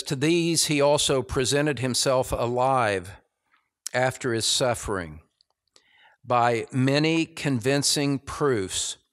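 A man with an American accent preaching a sermon as pastor, deliberate and emphatic, building in intensity. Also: mid-range voice.

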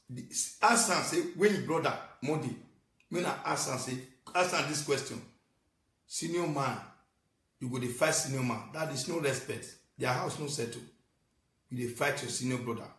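A man with a Nigerian accent delivers a scolding, repetitive rant, jumping between loud outbursts and low muttering. His voice sits at an ordinary pitch for a man. He sounds set back from the mic in a roomy, echoing space. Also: recorded from a distance. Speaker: social media ranter. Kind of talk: angry rant in Pidgin and English. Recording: echoey room, voice off-mic.

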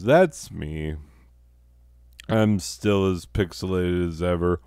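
Low, slow-talking profane male host. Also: clear, resonant tone, no room sound, studio quality. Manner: crude, profane, deadpan rambling. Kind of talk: rambling comedic monologue.

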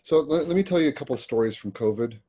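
A man's voice: medium pitch, animated, very fast, dark tone, breathy edge. A middle-aged man working as a paramedic, telling stories from his work in a plain-spoken, conversational way with frequent restarts. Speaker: paramedic guest. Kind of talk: conversational storytelling.

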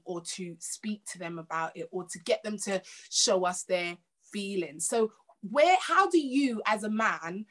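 A woman hosting a casual talk, animated and quick to act out quoted conversations. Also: mid-range voice. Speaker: host. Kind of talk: casual chat.

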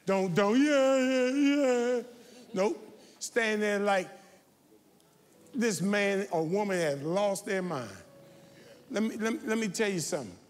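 A man preaching a sermon as pastor, talking straight to his congregation and building to shouted, confrontational calls. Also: high-pitched, a little slow, pauses often. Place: large church sanctuary. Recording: reverberant church sanctuary.

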